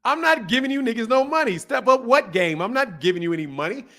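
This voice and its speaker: High-voiced man ranting in disbelief. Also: expressive, fast talker, sharp tone. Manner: profane, incredulous, repeats himself, laughing asides. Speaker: boxing channel host. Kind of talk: casual reaction rant.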